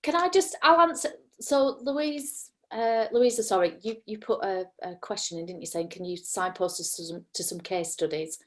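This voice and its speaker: Woman, lecturer on a webinar panel, mid-pitched voice, chatty and self-correcting. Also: normal speed. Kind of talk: casual webinar talk.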